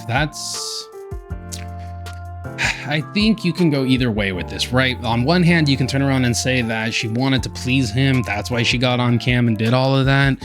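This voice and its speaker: A man's voice: mid-range voice, normal speed, over music. A man hosting a commentary channel, casually reading out private messages and weighing in between them with sighs and chuckles. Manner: reads quotes aloud with sighs and chuckles, laid-back.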